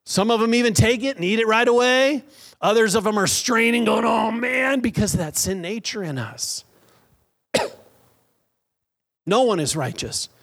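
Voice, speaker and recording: A middle-aged man preaching a lively sermon in a church, drawing call-and-response from the congregation. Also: high voice, normal speed, long pauses. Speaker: pastor.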